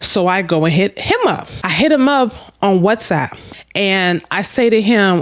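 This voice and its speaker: Woman vlogger, mid-pitched, animated profane storytelling straight to viewers. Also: unhurried. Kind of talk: casual storytelling.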